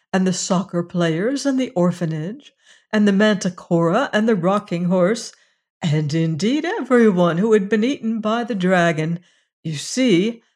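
A measured storyteller reads a fairy tale aloud with a gentle, even delivery. The voice sits at a middle pitch, neither high nor low, and slows down for the dramatic moments.

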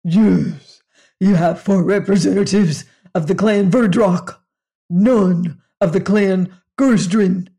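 A reader putting on a loud, growling alien warrior. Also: mid-range voice, takes it slowly, creaky. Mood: commanding. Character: huge hairy male alien warrior, belligerent.

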